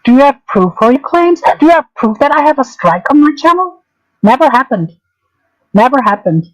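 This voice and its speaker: A woman's voice: high voice, big pitch swings, a little fast, low-quality recording. A woman, hosting a livestream of drama commentary and ranting angrily with a lot of swearing and repetition. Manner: angry, profane, repetitive ranting. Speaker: streamer.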